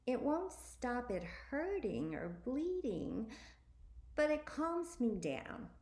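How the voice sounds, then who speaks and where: A woman voicing a sly, annoying vampire girl, the narrator's older sister, with a squeaky, high-pitched voice. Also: big pitch swings, slow pace, darkish tone, roomy sound, heavily acted.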